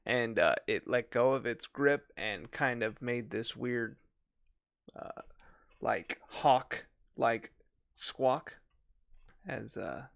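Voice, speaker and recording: Guy dm'ing a tabletop game, slow and unhurried, dry close sound. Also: mid-range voice, gravelly, no room sound. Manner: relaxed, halting narration with fillers. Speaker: dungeon master.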